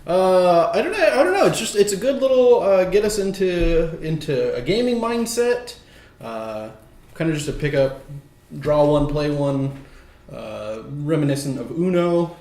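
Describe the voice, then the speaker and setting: A man's voice: fairly high pitch, lively intonation, unhurried, a little mellow. A man hosting a casual podcast chat, hesitant with many fillers and playful banter. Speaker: podcast co-host. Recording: echoey room.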